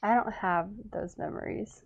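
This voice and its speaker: A woman's voice: lowish voice, moderate pace, gravelly, lo-fi sound. A young woman in a casual chat with friends, answering in short, dry remarks. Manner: brief, dry replies.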